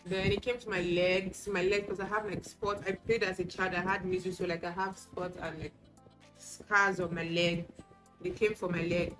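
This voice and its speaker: A woman's voice: lowish voice, flat delivery, normal speed, fairly bright tone, poor audio. A woman talking casually while getting ready on camera, telling candid personal stories and acting out what people said to her. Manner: chatty, candid storytelling; acts out quoted exchanges. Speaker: beauty vlogger. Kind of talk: casual get-ready-with-me chat. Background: music playing.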